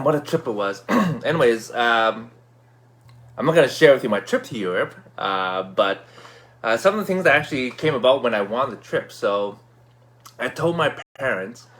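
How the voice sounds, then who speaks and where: A man casually telling a personal story, acting out his own excited shouts. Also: mid-range voice. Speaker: vlogger.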